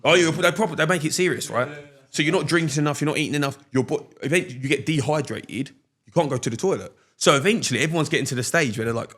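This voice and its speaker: Fast-talking young man, animated. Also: mid-range voice. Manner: animated storyteller, slangy, laughs often. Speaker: podcast guest. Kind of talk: casual chat.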